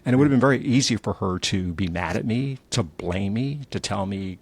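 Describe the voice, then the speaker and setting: Middle-aged male guest, low husky rasp, lively anecdotes. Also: a little fast, hardly any pauses. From New Jersey. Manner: animated storyteller, acts out quotes. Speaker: entrepreneur guest. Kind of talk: candid conversational storytelling.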